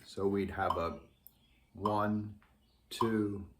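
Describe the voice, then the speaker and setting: A man teaching a trombone lesson, speaking thoughtfully with many pauses and ums. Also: fairly low pitch, steady tone, background noise. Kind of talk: instructional lesson.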